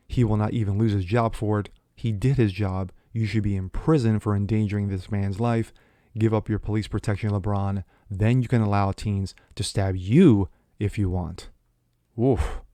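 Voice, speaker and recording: A commentary channel host with a low, dark voice reads news stories aloud, breaking in between quoted passages with scornful, mocking, sarcastic remarks. The recording is dry and close, with no room sound.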